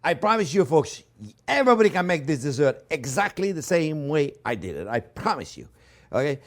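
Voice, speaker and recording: A man's voice: on the high side, big pitch swings, a little fast. A man hosting a cooking show, effusive and crooning over his food in a casual demonstration. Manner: often drops to soft murmurs over the dish.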